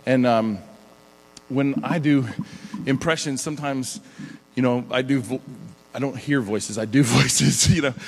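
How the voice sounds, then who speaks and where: A middle-aged man delivers a relaxed, conversational sermon. He talks animatedly and laughs easily between sentences, at a mid-range pitch. His voice carries a long reverb from a large hall. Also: measured pace, vocal fry, long pauses. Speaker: pastor.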